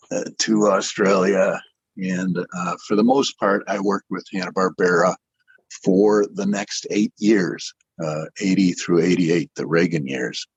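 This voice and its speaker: A man's voice: deep voice, a little mellow, breathy edge, dry recording, muffled recording. An older man telling his career story in a rambling, self-deprecating way, often restarting his sentences. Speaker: interview guest, animator. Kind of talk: casual storytelling.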